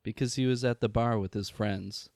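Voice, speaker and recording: A man's voice: fairly low pitch, steady tone, normal speed, a little mellow, no echo, studio quality. A man hosting a comedy podcast, reading passages from a self-help book aloud in a laid-back way. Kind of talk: casual comedic banter.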